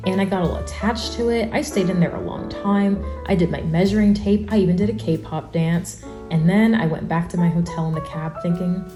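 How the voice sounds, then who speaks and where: A woman's voice: on the low side, a little fast. A woman in her twenties narrating her vlog in a dramatic, playful way. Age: 20s. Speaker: YouTube vlogger. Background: music.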